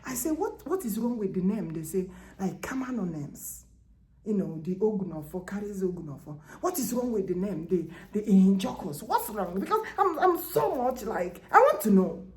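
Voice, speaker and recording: A woman preaching, swinging between hushed whispers and loud exclamations. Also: mid-range voice, sing-song, normal speed, reverberant. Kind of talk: spiritual preaching.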